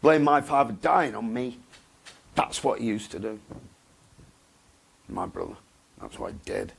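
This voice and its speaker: A man, talking bluntly and haltingly in a candid interview, often repeating himself. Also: medium pitch, wildly swooping pitch, creaky, slight background noise. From England. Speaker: interview guest.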